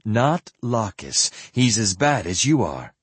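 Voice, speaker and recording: A man's voice: lowish voice, big pitch swings, slow, husky, no echo, exaggerated voice. A man reading the part of a firm, shrewd female mystic, lifting his voice slightly.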